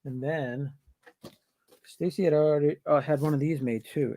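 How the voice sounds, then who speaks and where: A man co-hosting a casual live stream, chatting in a relaxed, rambling way and plugging other channels. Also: fairly high pitch, normal speed, dry recording.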